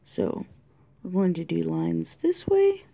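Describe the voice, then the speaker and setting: Mellow, gravelly woman teaching drawing. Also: lowish voice, sing-song, takes it slowly. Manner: chatty, thinks aloud, drifts into soft whispers. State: has the hiccups. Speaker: art tutorial host. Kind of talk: casual drawing tutorial narration. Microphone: camera mic close to the desk.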